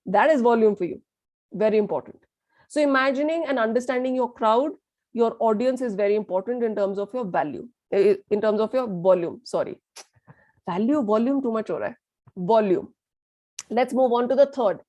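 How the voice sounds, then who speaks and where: A woman's voice: fairly high pitch, brisk, darkish tone. A woman leading a communication workshop, emphatic and repetitive, asking the class questions and slipping into Hindi phrases. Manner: emphatic, repeats words, asks the class questions. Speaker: workshop trainer.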